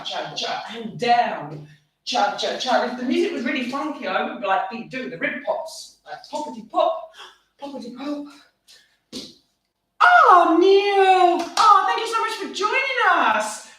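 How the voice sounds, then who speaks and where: A woman's voice: high-pitched, fairly bright tone. A woman from the UK teaching a live online dance class, chatty and upbeat, counting steps aloud. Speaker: dance instructor. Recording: echoey room, voice from far off.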